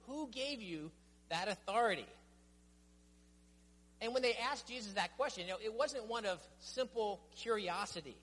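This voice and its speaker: High-voiced man preaching in a reverberant hall. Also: animated, normal speed, long pauses, fairly bright tone, slightly rough. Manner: emphatic, building lists with rising stress. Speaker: pastor. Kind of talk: sermon. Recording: long reverb of a church hall.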